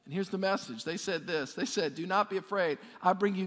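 A man preaching a sermon, lively and repetitive, calling on the congregation to answer back. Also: high-pitched, a little fast, in a large hall. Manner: animated, repeats words, calls on congregation to respond. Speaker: pastor.

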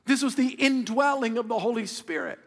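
A man preaching a sermon as pastor, animated and conversational, calling out to the congregation for responses. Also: very high-pitched, fairly quick, long reverb tail. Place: large church auditorium.

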